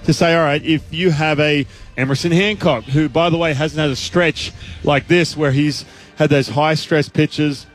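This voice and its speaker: A man's voice: fairly high pitch, fairly even intonation, moderate pace. A man, a baseball analyst guest, talking casually on sports radio in a rambling way with many restarts and asides.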